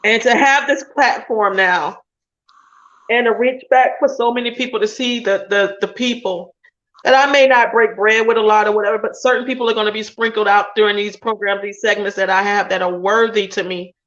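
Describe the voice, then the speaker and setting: A woman's voice: mid-range voice, steady tone, fairly quick, a bit bright, lo-fi sound. A woman hosting a radio show interview over a video call, talking casually with slang and emphasis. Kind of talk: emotional interview chat.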